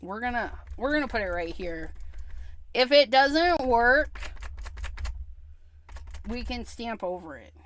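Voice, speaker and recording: Lady on a craft stream, kinda high voice, slow and chatty, mumbles to herself while she stamps. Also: animated, a bit bright, a little hiss or hum. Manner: chatty, talks to viewers while stamping, hums and murmurs to herself. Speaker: crafting livestream host. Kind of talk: casual crafting livestream chat.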